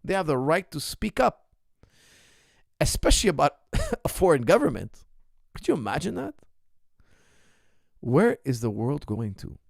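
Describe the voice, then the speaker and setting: Heated, indignant male coach with lively pitch. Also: measured pace, creaky, pauses often, no echo, clean studio sound. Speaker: MMA coach and podcast host. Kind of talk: casual Q&A podcast rant.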